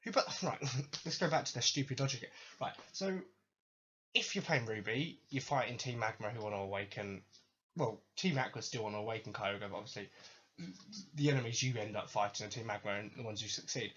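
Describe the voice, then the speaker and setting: A man's voice: on the low side, fairly quick, a bit bright, slight background noise. A man hosting a podcast, ranting about video games in a sweary, sarcastic, exasperated way. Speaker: podcast host. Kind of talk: ranting video game commentary. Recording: dull lo-fi recording.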